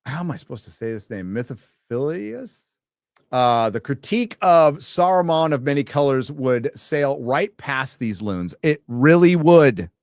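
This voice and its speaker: A man's voice: medium pitch, lively intonation, normal speed, hardly any pauses, no echo, clean studio sound. Profane, rambling male livestream host. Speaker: livestream host reading viewer donations. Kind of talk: casual late-night livestream chat.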